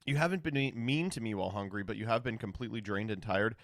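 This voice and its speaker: A man streaming and casually chatting, answering viewer questions in a sardonic, profane, animated way. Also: lowish voice, fast, no echo, studio quality.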